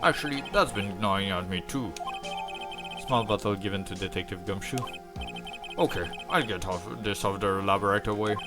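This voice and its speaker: A man's voice: lowish voice, normal speed, loud music behind the voice, lightly acted. A man voicing a friendly, eager male police detective with a casual, folksy way of talking.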